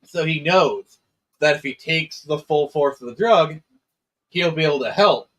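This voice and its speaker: A man co-hosting a casual movie discussion, explaining plot details in a measured way with fillers. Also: a little high, a bit bright, poor audio. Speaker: podcast co-host.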